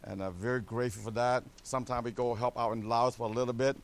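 A man's voice: mid-range voice, steady tone, fast. A middle-aged man from Cambodia, a missionary pastor giving a church a joking mission update full of "amen?" asides.

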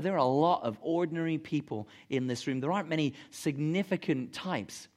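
A man preaching a sermon to a congregation, talking conversationally and emphatically and putting questions to the room. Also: fairly high pitch. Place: church gathering room.

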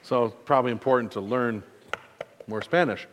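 In a large hall with slight background noise, a man in his forties preaches at a moderate pace in a mid-range voice. He's a mid-Michigan pastor whose sermon is chatty and joking, with humor aimed at himself and quotes he acts out.

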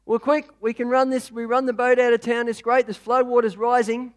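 A man's voice: extremely high pitch, level tone, brisk, voice pushed up. A man voicing a man in a small boat who calls out urgently. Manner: calling out urgently. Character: Australian men rescuing in a small boat.

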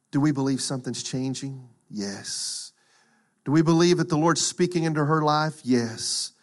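A middle-aged man preaching a sermon, acting out quotes and swinging from loud to hushed. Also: mid-range voice. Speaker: pastor.

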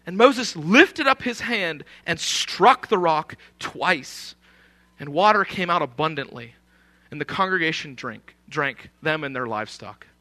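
A man's voice: fairly high pitch, lively intonation, a little slow, pushed and bright. A man preaching a sermon in an emphatic, conversational way, often posing rhetorical questions.

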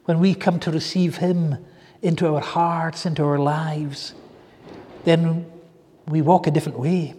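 A man preaching a sermon with fervent, drawn-out pleading exclamations, in a church hall. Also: a little high, steady tone, warm tone, slight background noise. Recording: echoey hall with long reverb.

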